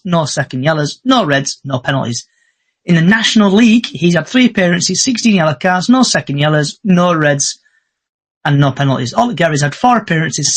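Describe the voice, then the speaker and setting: A man hosting a casual football podcast, chatting and reading out match stats in bursts. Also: fairly high pitch. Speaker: podcast host.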